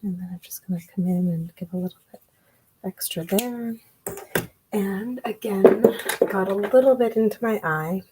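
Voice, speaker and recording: A woman giving a relaxed card-making tutorial, chatting and thinking aloud as she works. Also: medium pitch, moderate pace, heavy background noise. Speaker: craft demonstrator.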